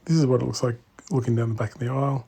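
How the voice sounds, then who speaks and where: A man giving a casual walk-through commentary in an indoor exhibition room, speaking in quiet, murmured remarks that often drop to a whisper. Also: mid-range voice, fairly even intonation, racing, vocal fry, slightly rough. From Australia. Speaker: bonsai channel host.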